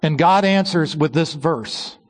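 A man preaching a sermon, slowing down and dropping his voice low on key phrases. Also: in a large hall. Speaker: pastor.

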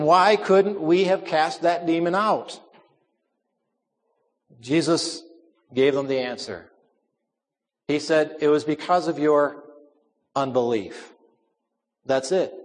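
Guy preaching a sermon, repeats his points for emphasis, long echo of a big hall. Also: fairly high pitch. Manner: earnest, emphatic, repeats key phrases.

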